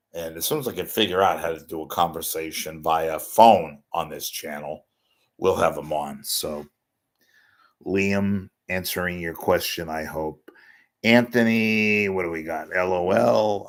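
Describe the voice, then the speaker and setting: A man's voice: low-pitched, fairly even intonation, unhurried. An older man hosting his own talk show, talking off the cuff to viewers in a blunt, rambling, self-mocking way. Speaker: host of an online talk show. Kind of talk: unscripted solo talk reading viewer messages.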